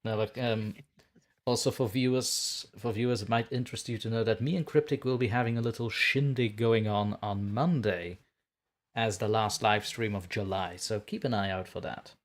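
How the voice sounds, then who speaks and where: A man's voice: fairly low pitch, fairly even intonation, moderate pace. A man hosting a casual livestream who reads viewer comments aloud and trades teasing banter, a little scatterbrained after just getting home. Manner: playful, teasing banter while reading chat aloud. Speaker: livestream host.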